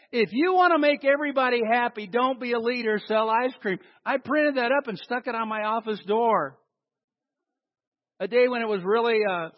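A male pastor delivering a sermon, swinging between loud emphasis and quiet asides, and leading the congregation in call and response. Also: very high voice, dry recording, muffled recording. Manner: dynamic preaching with big swings in loudness and emphasis. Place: church hall with a congregation.

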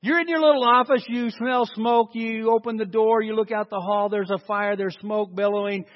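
A man preaching a sermon as a pastor, telling stories and swinging from loud acted-out quotes to hushed, slow emphasis. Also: high voice, steady tone. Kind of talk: sermon storytelling. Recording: dull sound with long hall reverb.

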